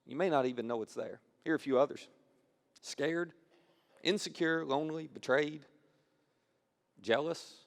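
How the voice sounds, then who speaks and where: A man's voice: a little high, normal speed, gravelly, pauses often. A male pastor giving a conversational sermon. He repeats phrases for emphasis and acts out quoted lines as he talks.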